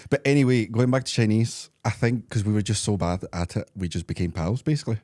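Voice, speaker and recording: A Spanish-born man whose English carries a Scottish accent with a faint Spanish twang, telling stories in a lively casual chat. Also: on the low side, quick pace, dry recording. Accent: Scottish English with slight Spanish twang. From Spain. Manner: animated storyteller who acts out other voices. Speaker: guest.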